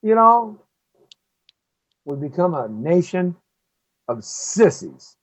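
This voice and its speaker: A man hosting a live show, delivering an impassioned opinion monologue that swings between loud outbursts and low muttering. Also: sing-song, takes it slowly, rough recording. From United States.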